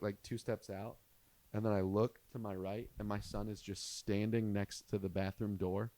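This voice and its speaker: Low-voiced man telling a funny story. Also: no echo. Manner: animated, profane, rising to shouts at the punchlines. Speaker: podcast host and comedian. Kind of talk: comedic storytelling.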